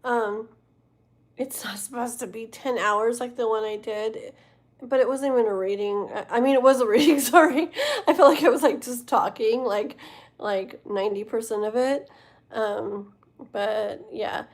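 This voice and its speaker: A woman with a fairly high voice hosts a tarot livestream late at night. She talks casually and rambles to her chat, full of fillers and restarts, and sounds worn out. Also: a little slow. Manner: chatty and rambling, talking to viewers in chat, many fillers and self-corrections. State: tired and yawning. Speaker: tarot reader hosting a livestream.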